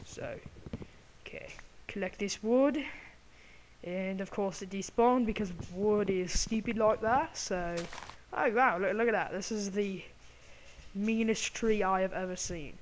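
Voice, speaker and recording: A woman's voice: mid-range voice, a little slow, slight background noise. A woman hosting a gameplay video, chatting to viewers while putting on an exaggerated British accent. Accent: put-on British. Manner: chatty, apologetic asides to viewers. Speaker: gaming channel host. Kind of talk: gameplay commentary.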